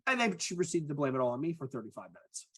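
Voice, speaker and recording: Husky-voiced man in his forties. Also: a little high, sing-song, rapid-fire, fairly bright tone. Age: 40s. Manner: candid, self-mocking storyteller with swearing. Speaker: podcast co-host, agile coach. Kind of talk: casual chat.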